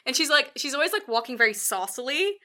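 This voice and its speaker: A woman casually recapping a film, animated and full of "like", acting out bits of dialogue. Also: high-pitched, fast talker. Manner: animated, peppered with "like", acts out quotes.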